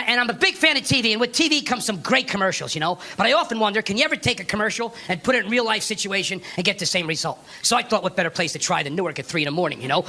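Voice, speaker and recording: A man's voice: extremely high pitch, noisy background. A middle-aged man doing a brash, conversational stand-up routine on stage, often asking the audience "right?". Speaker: stand-up comedian. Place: comedy stage before a live audience. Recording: live stage mic with crowd.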